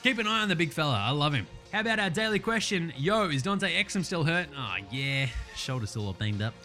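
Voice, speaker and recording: A young Australian man runs through last night's basketball in a loose, joking podcast style, dropping swears and fillers as he goes. His voice is bright and forceful and sits a little high for a man. Faint music plays underneath. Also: very animated, a little fast. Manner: profane, jokey and enthusiastic, with many fillers. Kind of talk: casual sports recap podcast.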